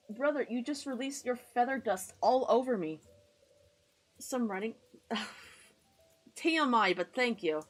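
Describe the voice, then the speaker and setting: A woman's voice: on the high side, animated, unhurried, long pauses, soft background music. A woman from the United States streaming live, chatting casually while she draws, rambling and self-deprecating, muttering to herself and greeting her chat in a friendly way.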